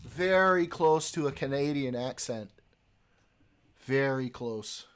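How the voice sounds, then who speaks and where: A man's voice: medium pitch, expressive, slow pace, smooth. A male live streamer in casual chat, joking around and trying out accents.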